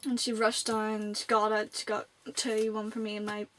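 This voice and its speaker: A Northern Irish girl in her late teens rambles casually to the camera in a vlog. Her mid-range voice is fairly bright but completely flat in delivery, at a moderate pace, with slight background noise.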